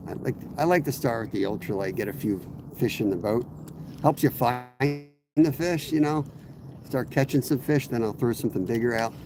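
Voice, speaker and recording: A man with a cold-roughened, hoarse voice talks easily to his live audience while he fishes from a kayak. His pitch sits in an ordinary middle range, and he rambles from tip to tip. Faint water and boat noise hums behind him outdoors. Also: normal speed. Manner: rambling, relaxed, greets viewers by name. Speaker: fishing streamer. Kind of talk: casual live-stream chat while fishing.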